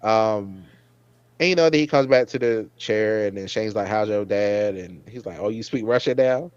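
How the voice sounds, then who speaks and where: A man hosting a casual TV episode review, animated, who acts out characters' lines and exclaims loudly. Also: fairly low pitch, moderate pace, smooth, no room sound, muffled recording. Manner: frequent fillers and restarts, exclaims loudly. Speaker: show host.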